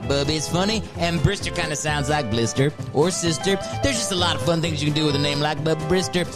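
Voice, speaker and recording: A man putting on a loud Southern drawl to play a goofy former quarterback pitching a baby-naming business into a phone, whooping and sing-song. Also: quick pace, over loud music, lightly acted. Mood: hyped. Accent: put-on Southern US.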